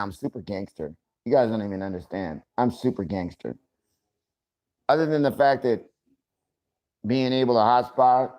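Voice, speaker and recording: A man chats on a livestream in a loose, joking, profane way and keeps calling out his viewers by name. His voice sits at an ordinary middle pitch for a man. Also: highs cut off. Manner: greets chat viewers by name. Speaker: livestream host. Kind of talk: casual livestream chat.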